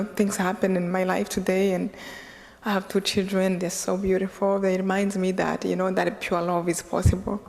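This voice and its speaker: Rwandan lady telling her story slow and earnest, kinda halting, big hall echo. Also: mid-range voice, vocal fry, darkish tone. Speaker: guest speaker. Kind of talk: personal testimony talk. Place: large lecture hall. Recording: long hall reverb.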